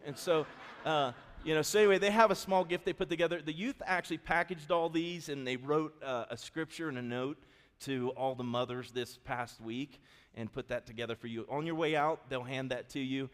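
A middle-aged man preaching a sermon in a church, telling an animated, folksy story before softening into an earnest appeal. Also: on the high side, brisk, hardly any pauses. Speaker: pastor. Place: church sanctuary. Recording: long reverb of a church hall.

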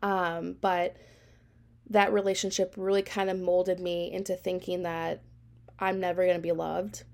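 A woman's voice: fairly low pitch, flat delivery, unhurried, darkish tone. A woman in her thirties hosting a podcast, telling her personal story in a candid, reflective way with frequent fillers. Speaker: podcast host.

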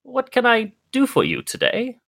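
A man voicing an elderly male mouse-folk caretaker who leans on a cane, in a high, slow, quavering voice. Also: huge pitch swings, vocal fry, fairly bright tone, heavily acted. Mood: friendly.

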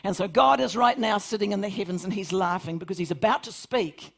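A woman's voice: medium pitch, fairly quick, vocal fry. A woman pastor preaching a fervent Sunday sermon, rising to emphatic peaks. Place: church service.

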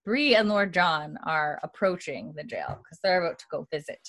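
A woman co-hosting a podcast, casually retelling a TV episode, scattering likes and ums and quoting lines quietly. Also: lowish voice, expressive, moderate pace, no echo. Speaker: podcast co-host recapping a TV episode. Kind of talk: casual recap chat.

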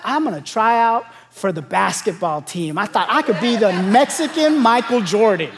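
A man's voice: very high-pitched, animated, normal speed, hardly any pauses, some chatter behind, a little hiss or hum. A young adult man from Los Angeles, a pastor preaching a sermon, telling stories and building to emphatic calls to the congregation. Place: large church auditorium. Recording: long hall reverb.

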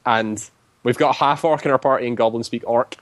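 A man's voice: mid-range voice, brisk, no echo. Guy rambling through a story about his game night, lots of "like", dry sound. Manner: rambling, heavy use of "like" fillers. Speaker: tabletop game player. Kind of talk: casual storytelling.

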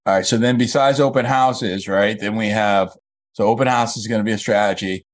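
A man coaching a real estate agent one-on-one, working through points methodically and repeating key phrases slowly. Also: on the low side, fairly even intonation.

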